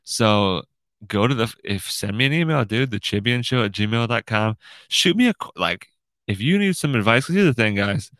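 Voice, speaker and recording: Young man, host, low voice, gravelly, rambling, profane, dry close sound. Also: expressive, moderate pace, a bit bright, no echo. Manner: profane, rambling, ends lines with "dude" and "right?". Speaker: podcast host. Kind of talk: casual monologue. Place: room in his house.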